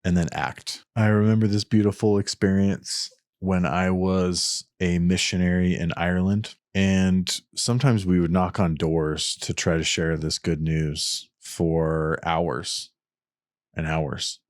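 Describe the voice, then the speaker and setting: A man with a very low voice speaks earnestly to his podcast listeners and explains his ideas step by step. He often restarts his sentences as he thinks aloud. The sound is dry and close, with almost no room echo. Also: little pitch movement, slow pace. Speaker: podcast host. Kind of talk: reflective solo podcast talk.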